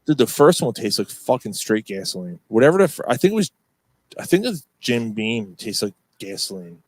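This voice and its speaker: A man with a fairly low, very animated voice moves briskly through rambling stories as one of a podcast's co-hosts. The talk is relaxed pub-style banter, heavy on fillers and frequent cursing, and the sound is a little mellow.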